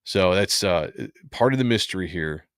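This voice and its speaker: A man with a low voice hosts a relaxed comic book reaction and reads panels aloud as he goes. He rambles and laughs often. The sound is close and dry. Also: normal speed, clear, resonant tone, dry recording. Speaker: comic book channel host. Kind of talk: casual comic reading and reaction.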